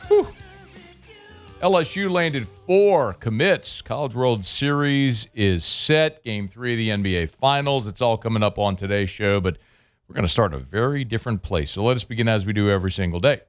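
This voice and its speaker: A middle-aged man hosting a sports talk radio show from a studio, talking in an animated, emphatic way that swings up and down. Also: fairly low pitch, normal speed, faint music behind.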